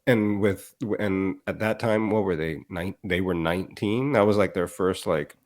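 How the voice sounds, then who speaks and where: A man co-hosting a live show in casual chat, teasing his friends and jumping in with quick remarks. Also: low voice, darkish tone. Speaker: podcast co-host.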